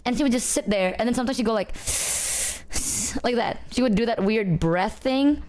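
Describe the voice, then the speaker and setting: A young woman streamer chats casually, spinning rambling, animated stories packed with "like" and "bro." Her voice sits on the high side, and she talks fast.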